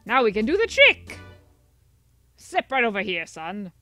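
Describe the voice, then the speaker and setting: A woman voicing a boastful male circus performer in a game, with an exaggerated put-on Italian accent and a loud, hammy sales-pitch manner. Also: wildly swooping pitch, a little slow, faint music behind, exaggerated voice. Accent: put-on comic Italian. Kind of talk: game dialogue read aloud.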